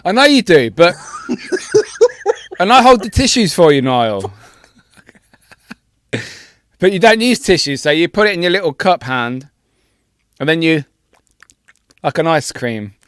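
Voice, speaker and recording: A man's voice: fairly high pitch, big pitch swings, a little slow, pauses often, a bit bright, smooth, no echo. A man co-hosting a casual podcast who teases his friend with crude jokes and frequent laughter. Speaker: podcast co-host. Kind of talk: casual banter.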